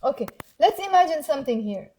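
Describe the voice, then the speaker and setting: A woman from Lebanon with a Lebanese accent, teaching Arabic phrases in English and patiently repeating words slowly for learners. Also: sits high, expressive, warm tone. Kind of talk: language lesson.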